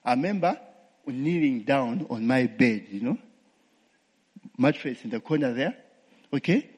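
A man's voice: mid-range voice, expressive, a little slow, darkish tone, breathy edge, big-room sound. A man with a Ugandan accent gives a testimony sermon, tossing in call-and-response tags like "eh?" and "what?" and laughing to himself. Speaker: preacher.

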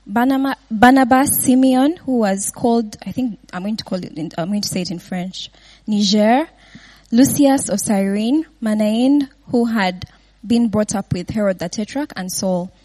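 A woman's voice: fairly high pitch, normal speed, a little mellow. A woman giving an informal Bible teaching, often laughing and checking in with her listeners with "yeah?" and "right?".

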